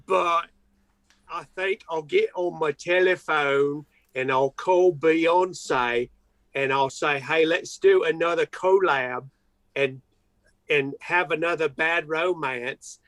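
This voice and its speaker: A man's voice: fairly high pitch, slow pace, a bit bright, dry recording, poor audio. A man improvising a playful comic monologue, drifting in and out of a mock British accent and repeating words. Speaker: improv performer.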